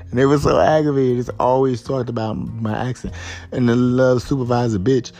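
A man's voice: mid-range voice, steady tone, a little fast, mellow, faint music behind. A man hosting a podcast alone, talking in a casual, rambling, profane way, laughing often and stumbling over words. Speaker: podcast host. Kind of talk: casual solo commentary.

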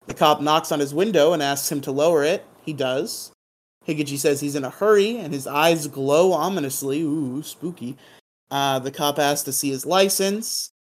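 A man hosting a podcast, recapping a TV episode in a casual, joking, irreverent way. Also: a little high. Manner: joking, irreverent, hums silly sound effects. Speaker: podcast host.

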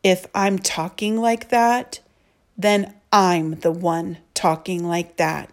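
A woman reading aloud, voicing a goofy, hyper schoolboy who talks loudly and emphatically and climbs into excitement. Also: fairly low pitch. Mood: insistent. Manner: loud, slow and emphatic, rising to excited.

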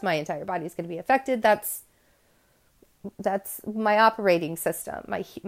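A woman hosting a podcast, talking to her listeners in a candid, rambling monologue full of asides and restarts. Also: fairly low pitch. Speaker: podcast host.

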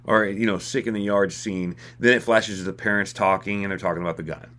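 A man's voice: on the low side, fast talker. A man co-hosting a podcast, casually recapping a movie's scenes and often checking in with "right?". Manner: relaxed storyteller, keeps tagging "right?". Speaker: podcast co-host.

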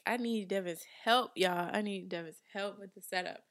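A woman's voice: mid-range voice, moderate pace, fairly bright tone. A young woman in her twenties hosts a casual podcast from her apartment studio. She talks in a chatty, emphatic way and laughs often as she goes. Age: 20s. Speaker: podcast host. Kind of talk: casual chat.

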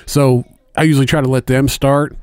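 A man's voice: mid-range voice, little pitch movement, moderate pace, darkish tone, smooth, no room sound, clean studio sound. A middle-aged man chatting casually as a podcast co-host, rambling through stories with many fillers and heavy swearing. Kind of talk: casual chat.

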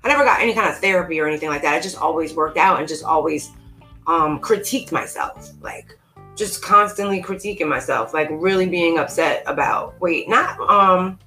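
A woman guest on a casual podcast, talking in a bright, forward voice. She rambles, restarts her sentences and cuts herself off. Faint music plays behind her. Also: low voice, brisk, rough recording. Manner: rambling, self-interrupting. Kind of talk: casual chat.

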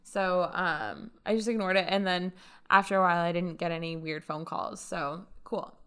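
Woman, casual podcast storytelling, bright tone, smooth voice, chatty. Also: on the low side, moderate pace. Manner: chatty, animated retelling with quoted dialogue. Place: lives in Las Vegas.

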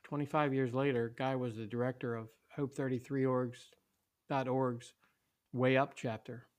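A man reading a story aloud in a steady, plain way, with small slips. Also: mid-range voice, normal speed. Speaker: narrator.

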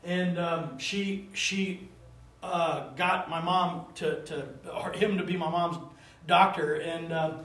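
A man preaching a conversational sermon to a small group. He talks in an animated, rambling way and keeps asking the listeners for answers. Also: a little high, slow. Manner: animated, rambling, calls for responses. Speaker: pastor. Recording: roomy room, voice from a distance.

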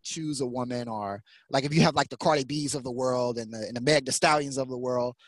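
A man talks as a podcast guest in a relaxed, thoughtful way, laying out his opinions at length. His voice sits at a middle pitch and sounds close and dry, with little room sound. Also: brisk, dry recording. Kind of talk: casual podcast chat.

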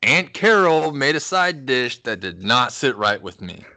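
A man's voice: mid-range voice, sing-song, measured pace, bright, forceful tone, no echo. A young man casually telling a crude, rambling story on a podcast, laughing as he goes. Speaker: podcast co-host.

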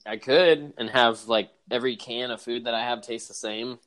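A man co-hosting a podcast in casual chat, relaxed, laughing often and calling people "dude". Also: medium pitch, moderate pace. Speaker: podcast co-host.

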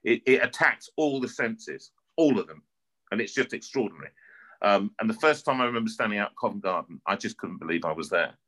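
Animated North London man, bright voice. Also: fairly low pitch, fairly quick, poor audio. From North London, England. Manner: animated storyteller, repeats words as he talks. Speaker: opera singer, guest. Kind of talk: casual interview chat.

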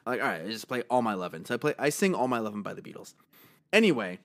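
A man co-hosting a podcast in casual chat, slightly hoarse, telling stories with lots of swearing and laughter. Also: on the low side, racing. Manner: animated storytelling, swears freely, laughs a lot. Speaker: podcast co-host.

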